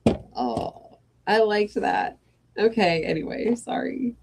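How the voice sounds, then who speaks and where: A woman's voice: lowish voice, expressive, measured pace, noisy background. A woman hosting a live evening story reading who chats with her viewers between passages and breaks in with apologetic asides. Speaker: host of an evening reading stream. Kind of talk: reading stories aloud to a live chat.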